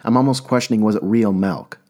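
Deep-voiced man ranting casually. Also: a little fast, a little mellow. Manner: emphatic, rambling with restarts and rhetorical asks. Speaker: podcast host. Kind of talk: casual monologue.

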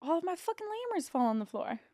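A woman casino dealer and podcast co-host telling a story in casual chat, animated, full of "like" and the odd swear word. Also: very high-pitched, fast talker, no echo, clean studio sound. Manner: animated, heavy use of "like", swearing.

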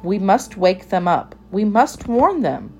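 A woman's voice: medium pitch, very animated, slow, darkish tone, soft background music. A woman voicing a fussy, very particular little female mouse, prim and proper in manner. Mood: anxious.

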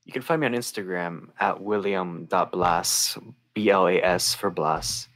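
A man's voice: low voice, unhurried, a bit bright. A man co-hosting a podcast, signing off in a joking, offhand way. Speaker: podcast co-host. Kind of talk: casual podcast chat.

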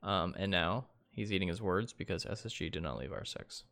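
A man's voice: deep voice, expressive, brisk, gravelly, fairly bright tone, a little hiss or hum. A man co-hosting an esports podcast, talking in a laid-back way with lots of ums and easy laughs. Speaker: podcast co-host. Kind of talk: casual esports podcast chat.

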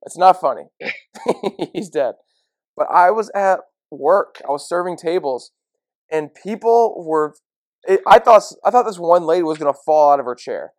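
A man's voice: high voice, lively intonation, measured pace, no echo. A man co-hosting a casual sports podcast, telling stories with frequent laughs and filler words. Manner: laughing storyteller, many fillers. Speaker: podcast co-host.

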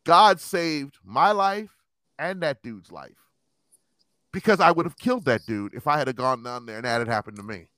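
A man telling a long story in casual chat, animated and profane, acting out the quotes. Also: fairly high pitch, moderate pace, no room sound, studio quality, faint music behind.

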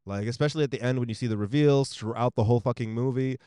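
A man co-hosting a podcast in casual chat, telling stories in a profane, animated way into a close podcast mic. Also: mid-range voice, very fast, clear, resonant tone, no room sound. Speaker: podcast co-host.

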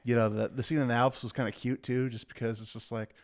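A man's voice: mid-range voice, flat delivery, quick pace. A man co-hosting a casual podcast, rambling with lots of fillers and acting out scenes in playful quoted voices. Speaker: podcast co-host. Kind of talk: casual chat.

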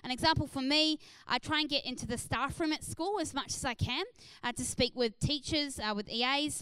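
A woman's voice: high-pitched, a bit bright, dry recording, poor audio. A woman preaching a sermon in an earnest, encouraging way, with frequent "uh" fillers.

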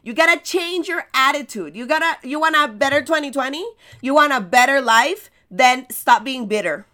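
A native Spanish speaker with an American accent hosts a podcast in a high, bright, forceful voice, animated and at normal speed. Her casual motivational monologue is full of stories and rhetorical questions, and she laughs at herself.

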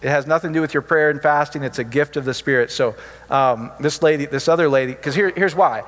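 A man's voice: fairly high pitch, fast, in a large hall. A man preaching informally, telling healing stories in a chatty, joking storytelling way. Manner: chatty storytelling, jokey asides. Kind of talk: informal sermon with testimonies.

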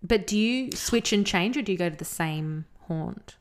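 A woman co-hosting a podcast, chatting casually and telling an animated story with frequent laughs. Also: mid-range voice, moderate pace. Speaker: podcast co-host. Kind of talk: casual chat.

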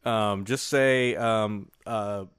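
A man's voice: lowish voice, fairly even intonation, drawn-out words, a bit bright, smooth, no room sound, clean studio sound. A man co-hosting a podcast in casual chat, joking around and laughing often. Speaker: podcast co-host.

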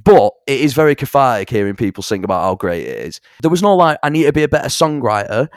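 A man's voice: medium pitch, fast, no echo. Chatty young man, dry close sound. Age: young adult. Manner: animated storyteller, swears, fond of impressions. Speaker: songwriter and musician. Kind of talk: casual interview chat.

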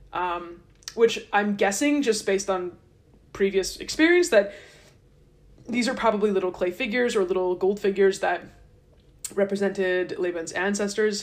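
A woman podcast host casually retelling a scripture story in a chatty, wry, irreverent way. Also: medium pitch.

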